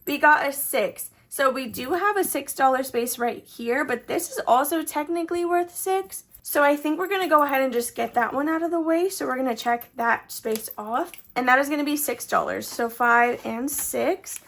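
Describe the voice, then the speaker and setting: A woman's voice: sits high, normal speed, few pauses, a bit bright. A young woman casually vlogging her savings challenges, chatty and full of fillers, her sentences trailing up at the end. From Texas. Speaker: budgeting vlogger.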